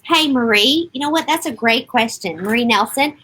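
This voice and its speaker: A woman's voice: on the high side, lively intonation, normal speed, bright, forceful tone, breathy edge, rough recording. A middle-aged woman coaching parents on a live stream, upbeat and encouraging, speaking directly to her viewers and answering their comments.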